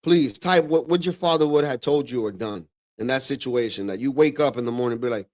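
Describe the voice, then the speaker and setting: A man hosting a livestream in casual, slangy reaction commentary, calling everyone "bro" and getting animated. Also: mid-range voice, a little fast, dry recording, clean studio sound. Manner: animated, drops into mock voices of relatives. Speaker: livestream host.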